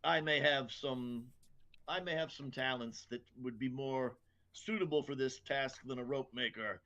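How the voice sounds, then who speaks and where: A man voicing a confident, smooth-talking smuggler. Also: mid-range voice, unhurried, pushed and bright. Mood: suave. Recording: dull lo-fi mic.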